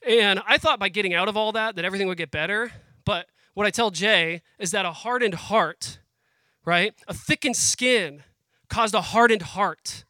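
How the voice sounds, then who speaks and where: Bright-voiced earnest male preacher. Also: high-pitched, no room sound. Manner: earnest, conversational preaching, addresses the crowd as "guys"; emotional, pauses and restarts as he speaks. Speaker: guest speaker at a family worship program. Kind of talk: sermon.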